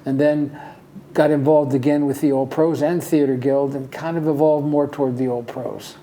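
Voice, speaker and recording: An older man, a guest in a casual interview, telling relaxed stories about his life with an easy chuckle. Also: mid-range voice, normal speed.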